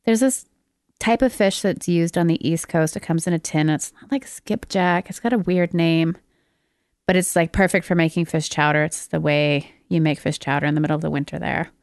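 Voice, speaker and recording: A woman in her thirties chats casually on a podcast, easing into relaxed stories from her past. Her voice is low with a gravelly fry, recorded close and dry. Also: moderate pace, no echo. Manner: relaxed, reminiscing storyteller. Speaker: podcast co-host. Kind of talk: casual chat.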